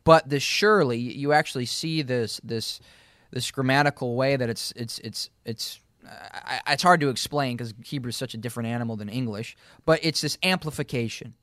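A man's voice: mid-range voice, normal speed, a bit bright, no echo, studio quality. A man leading a casual Bible study, reading verses aloud and explaining them word by word. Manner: reads scripture aloud, repeats key words, laughs easily. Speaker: Bible teacher.

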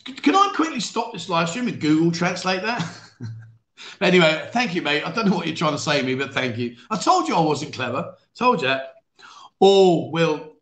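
A man from London, now living in Thailand, hosts a casual livestream chat show in a fairly high, very animated, slightly bright voice at normal speed, with an echoey room sound. His London accent has faded, and he reads viewer comments, jokes at his own expense, laughs often, and breaks into mock-outraged bursts.

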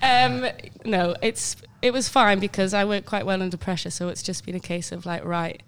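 A woman's voice: medium pitch, fairly even intonation, normal speed, fairly bright tone, clean tone. A woman guest on a casual podcast, chatty and teasing, laughing often. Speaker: guest, storytelling event organiser. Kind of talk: casual chat.

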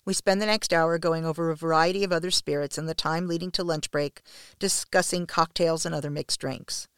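Woman narrator, measured first-person story read, smooth tone, dry close sound. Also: deep voice, fairly even intonation, no echo.

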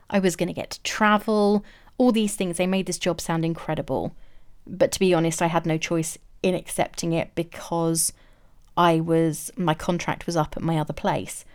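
Woman vlogger, candid first-person story, fairly low pitch, reflective and matter-of-fact. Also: a little mellow, smooth.

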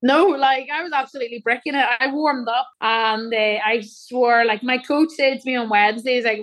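A woman's voice: on the high side, fairly even intonation, moderate pace, few pauses, a bit bright. Chatty young woman, laughing, rambling. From Ireland. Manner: laughing, rambling with many fillers. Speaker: guest athlete. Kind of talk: casual chat.

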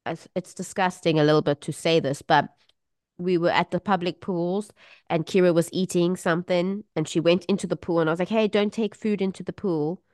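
A woman's voice: on the low side, fairly quick, no room sound, clean studio sound. A woman co-hosting a podcast, chatting casually and acting out the voices of people in her stories. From South Africa. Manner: animated storytelling, acts out quoted voices. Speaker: podcast co-host. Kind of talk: casual chat.

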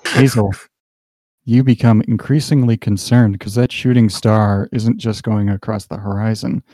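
A man with a low, mellow voice runs a tabletop game and narrates the scene at an easy, halting pace. The sound is dry and close, with no room around it. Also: dry recording. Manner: relaxed, halting scene-setting with fillers. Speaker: game master.

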